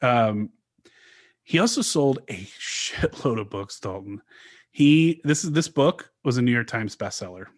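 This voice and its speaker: A man's voice: medium pitch, expressive, unhurried. Man telling a story on a podcast. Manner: storytelling, explains at length with restarts. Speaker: podcast co-host. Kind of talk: casual conversational podcast.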